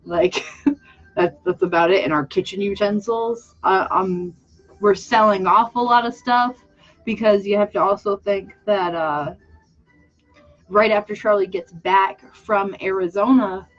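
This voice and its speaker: A young woman chats casually to her viewers while she works on a drawing. She rambles candidly and pokes fun at herself, stops and restarts her sentences, and sounds a little teary. Her voice sits at a middling pitch, and the audio is slightly muffled and lo-fi. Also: steady tone, a little slow, soft background music. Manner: rambling, candid, self-mocking, with many restarts. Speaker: vlogger and artist.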